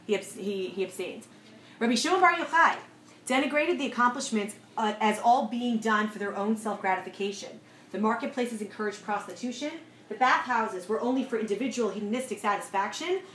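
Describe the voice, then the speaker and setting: A woman teaching a lively class lecture, telling a story and asking her students questions as she goes. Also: on the high side. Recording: echoey room, faint noise.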